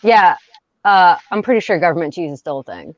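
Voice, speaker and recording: A woman co-hosting a casual podcast chat, relaxed and frank, swearing now and then. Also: lowish voice, fairly quick, no room sound. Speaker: podcast co-host. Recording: slightly dull, dry sound.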